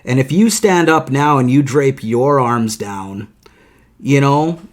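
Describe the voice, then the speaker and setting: A man co-hosting a podcast, chatting casually and throwing in jokes and quick theories. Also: mid-range voice. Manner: joking, animated asides. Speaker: podcast co-host.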